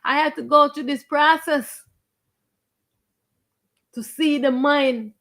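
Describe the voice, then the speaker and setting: A woman's voice: high voice, steady tone, slow, long pauses, fairly bright tone. A woman acting as a spiritual teacher, preaching to viewers on a live stream in an emphatic, confrontational way. She stretches out stressed words and repeats her phrases.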